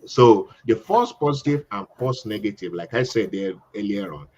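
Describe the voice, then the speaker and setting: A man, a doctor guest, calmly explaining lab test results. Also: fairly low pitch, normal speed, highs cut off.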